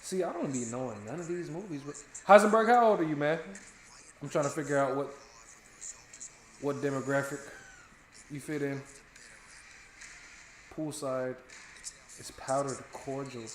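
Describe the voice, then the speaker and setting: A man's voice: fairly high pitch, moderate pace, long pauses, a little hiss or hum. Young american guy, casual stream chat, cusses a lot, echoey room. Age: young adult. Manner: joking, swears freely, chats to viewers. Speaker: stream co-host. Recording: roomy echo.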